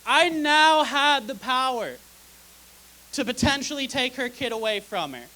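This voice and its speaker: Her voice is high-pitched, pushed and bright, animated but measured in pace as she works a live audience from a theater stage. The young comedian fires off sarcastic, dry punchlines into a stage mic on a rough recording.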